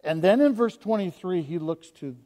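A man preaching a sermon as pastor, impassioned, swinging from quiet to loud and piling up rhetorical questions. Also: high-pitched, lively intonation, moderate pace. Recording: long hall reverb.

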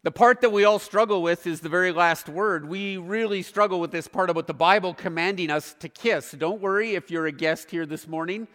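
A man preaching a sermon as pastor, earnest, with emphatic pauses. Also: sits high, fairly bright tone, big-room sound.

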